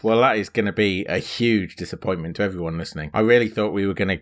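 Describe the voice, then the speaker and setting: A man's voice: sits low, fast. A man co-hosting a casual podcast chat, bantering and teasing his friend. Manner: bantering, teasing, laughs often. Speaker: podcast co-host.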